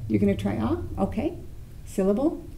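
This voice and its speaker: Casting: woman classroom teacher, patient prompter, gravelly mellow voice, echoey classroom. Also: medium pitch, lively intonation, moderate pace, a little hiss or hum. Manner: patient, prompting with short questions. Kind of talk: guiding students in a classroom drill. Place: school classroom.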